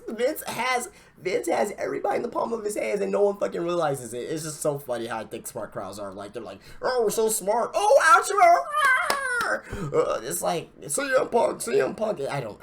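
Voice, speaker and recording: A man's voice: fairly high pitch, vocal fry, a bit bright. A man hosting a wrestling podcast, reviewing an event in casual talk with swearing and lots of stammered restarts. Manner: ranting, profane, stammering restarts.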